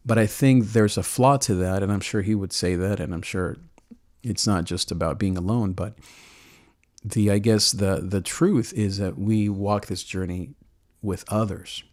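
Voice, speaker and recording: An earnest man with a lowish voice talks with deep emotion, close to tears at times. He preaches warmly and loosely, restarting his phrases and laughing softly now and then. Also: unhurried. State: choked with emotion. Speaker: host. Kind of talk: emotional call-in show monologue on faith.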